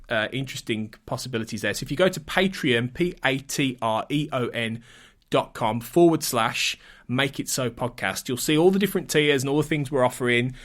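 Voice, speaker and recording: A man's voice: mid-range voice, a bit bright. Chatty enthusiastic male podcast host. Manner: chatty, enthusiastic, restarts often. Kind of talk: casual podcast chat.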